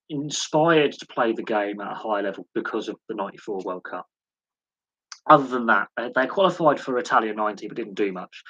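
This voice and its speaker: A man hosting a live sports Q&A, telling rambling anecdotes with lots of restarts and animated quoted dialogue. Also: mid-range voice, breathy edge, dry recording, low-quality recording. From United Kingdom. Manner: rambling storytelling with frequent restarts and animated quoting. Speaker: host of a sports channel. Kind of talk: casual live Q&A chat.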